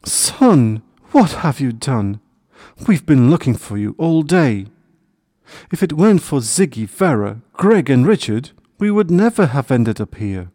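A man's voice: mid-range voice, sing-song, unhurried, dark tone, no room sound, clean studio sound, voice pushed up. A man voicing a mother hedgehog in a storybook, anxious and caring, with a fretful, scolding tone.

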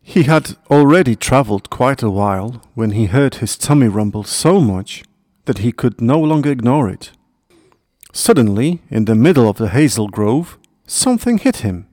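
A man narrating a children's storybook in a gentle, expressive reading voice. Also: medium pitch, normal speed, no room sound, studio quality.

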